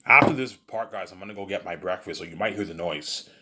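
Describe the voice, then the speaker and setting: A man's voice: sits low, quick pace, bright, forceful tone, a little hiss or hum. A man telling an improvised story in a rambling, boastful way, full of stumbling restarts and repeated filler phrases. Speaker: storyteller, vlogger.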